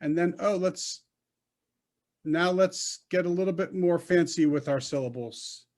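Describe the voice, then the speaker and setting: A man with a high-pitched, steady, slightly mellow voice teaches a Hebrew reading class over a video call. He coaches patiently, sounding out syllables in a slow, deliberate way as he gives online class instruction.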